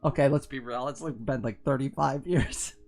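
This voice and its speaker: A woman's voice: a bass voice, normal speed, a little mellow, soft background music. A woman in her forties chatting casually on a live stream, rambling with lots of fillers and laughing often. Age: 40s. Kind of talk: casual chat reading viewer comments.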